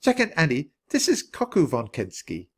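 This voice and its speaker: A man's voice: a little high, wildly swooping pitch, normal speed, slightly rough, voice pushed up, exaggerated voice. A man voicing a glamorous, theatrical countess who gushes over her pet and the children. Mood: gushing. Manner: gushing, grand and doting. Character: glamorous Hungarian countess, gushing, theatrical woman.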